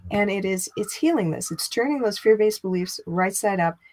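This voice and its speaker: In a teaching talk, a middle-aged spiritual teacher speaks at normal speed with a medium-pitched voice. Her style is conversational and lively, and inner dialogue she acts out comes with a raised voice.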